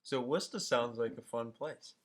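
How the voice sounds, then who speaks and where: A man's voice: medium pitch, normal speed. A young man hosting a casual home interview with his mother, playful and a bit hesitant with fillers.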